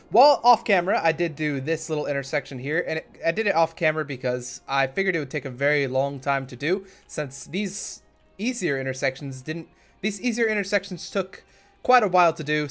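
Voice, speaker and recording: A young man hosting a casual let's play, talking in a chatty, rambling way and often correcting himself. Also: fairly high pitch. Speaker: gaming channel host.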